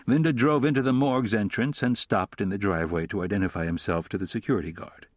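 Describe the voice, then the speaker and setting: Deep-voiced male audiobook narrator. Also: no room sound, studio quality. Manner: measured, descriptive. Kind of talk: scripted narration.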